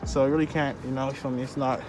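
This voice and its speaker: A man's voice: medium pitch, flat delivery, rapid-fire, music in the background. A young man vlogging casually while working on his car, with loose slangy talk and a bit out of breath under a mask. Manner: laid-back slangy talk. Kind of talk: casual vlog narration.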